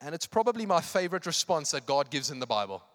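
A man's voice: a little high, very animated, quick pace. A man preaching an evening church sermon, emphatic and impassioned, repeating phrases for effect. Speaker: pastor. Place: church hall. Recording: long hall reverb.

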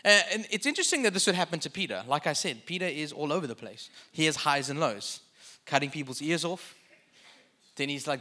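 Bright, forceful male preacher. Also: fairly high pitch, animated, a little fast. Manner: conversational preaching with joking asides. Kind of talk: sermon.

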